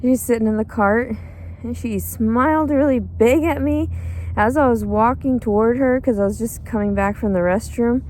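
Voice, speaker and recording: A woman's voice: on the high side, normal speed, a little mellow, slight background noise. A tired, cranky woman rambling in a bitter, crude, profane monologue outdoors. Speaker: pregnant homeless woman.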